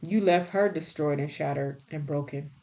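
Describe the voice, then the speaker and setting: A woman's voice: low-pitched, moderate pace, creaky, mellow. A woman giving a spiritual tarot reading in a blunt, folksy, scolding way. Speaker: tarot reader.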